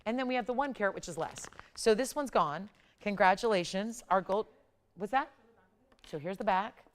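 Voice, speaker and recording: Smooth-voiced woman hosting a jewelry sales show. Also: medium pitch, lively intonation, moderate pace. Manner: upbeat, pushy salesy patter. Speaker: shopping channel jewelry host. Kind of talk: live TV sales pitch.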